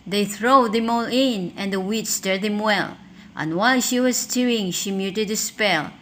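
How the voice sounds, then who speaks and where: Slow, rhythmic woman storyteller. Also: medium pitch, fairly bright tone. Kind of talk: reading a rhyming picture book aloud.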